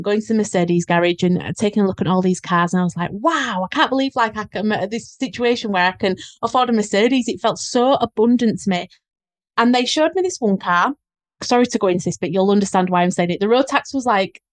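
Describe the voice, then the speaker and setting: Woman, Northern English accent, podcast guest, earnest and reflective, mid pitch, close dry sound. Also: no room sound. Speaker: guest business coach. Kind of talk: casual podcast chat.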